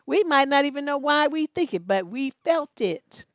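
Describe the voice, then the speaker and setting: Woman, relationship coach, sassy and profane, high voice, dry close sound. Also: expressive, normal speed, no room sound. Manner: profane, sassy storytelling with mocking impressions. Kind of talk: blunt sermon-style monologue.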